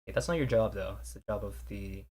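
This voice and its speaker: A man's voice: on the low side, fast, a little mellow, a little hiss or hum. A man streaming and reacting to news clips, casual and offhand, swearing a lot and mumbling asides. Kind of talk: casual live commentary.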